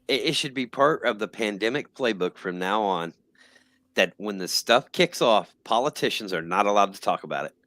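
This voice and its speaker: A man's voice: lowish voice, lively intonation, moderate pace, a bit bright, dry recording. A man co-hosting a podcast, telling stories in casual conversation. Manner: storytelling, conversational. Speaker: podcast co-host. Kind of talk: casual chat.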